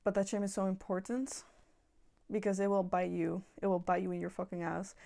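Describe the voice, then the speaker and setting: A woman's voice: mid-range voice, level tone, brisk, creaky, warm tone. A young woman talking casually and earnestly to viewers about self-improvement, reassuring and repeating herself, swearing now and then. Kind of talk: casual monologue to camera.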